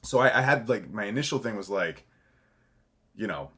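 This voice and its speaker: Deep-voiced man, rambling and candid. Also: lively intonation, moderate pace, sharp tone, husky. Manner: rambling, self-correcting, swears freely and laughs while telling stories. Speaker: podcast guest, actor. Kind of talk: candid conversational interview.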